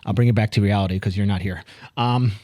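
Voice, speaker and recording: A man's voice: fairly low pitch, fairly even intonation, fast talker, mellow. A man hosting a podcast, firing off playful questions in a rambling, joking way. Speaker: podcast host. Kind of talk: casual chat.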